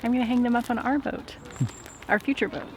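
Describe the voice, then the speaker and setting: A woman's voice: fairly high pitch, fairly even intonation, fast, a little mellow, slight background noise. A woman chatting casually as a travel vlogger on a canal narrowboat trip, bubbly and laughing often. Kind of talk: casual vlog chat.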